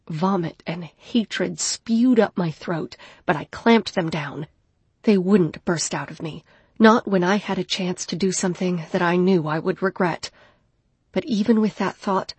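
Female audiobook narrator, husky tone, measured dark first-person delivery, close dry studio sound. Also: mid-range voice, no room sound. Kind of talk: scripted narration. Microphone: studio microphone.

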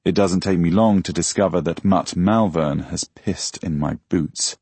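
A man reading a novel aloud in the first person, with measured, quiet storytelling. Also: low voice, husky, no echo. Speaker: audiobook narrator. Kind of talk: first-person scripted narration.

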